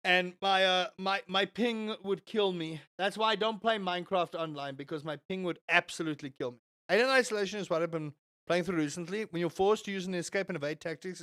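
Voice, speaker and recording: Young male streamer with a fairly high voice, rambling and swearing while he chats over gameplay. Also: fairly quick, a bit bright, no echo, studio quality. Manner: rambling, swears, answers chat and reacts to the game. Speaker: livestreamer. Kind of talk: casual gaming stream chat.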